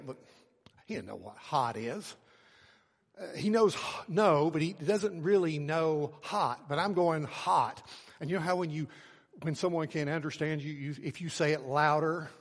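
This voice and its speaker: A middle-aged man preaching a sermon, telling a family story and swinging from soft low phrases to loud shouted words. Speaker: pastor. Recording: long hall reverb.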